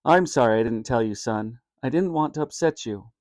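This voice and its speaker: A man doing an earnest, gentle father. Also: medium pitch, expressive, moderate pace, dry recording, studio quality, lightly acted. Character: worried, loving father.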